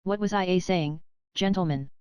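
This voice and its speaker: Female narrator voicing a boastful old-fashioned male attorney; lowish, very clear, dry. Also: normal speed, a little mellow, no room sound, lightly acted. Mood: pompous. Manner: self-important, rambling, clears throat. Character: pompous boastful male attorney, middle-aged.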